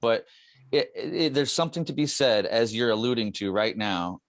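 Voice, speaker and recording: A man's voice: mid-range voice, expressive, no echo. A middle-aged male podcast host speaks in a mid-range voice, searching for his words with frequent restarts and repeated fragments before landing a point. The sound is close and dry, with no room around it. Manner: halting, many restarts and repeated words while reaching for ideas. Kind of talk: reflective podcast conversation.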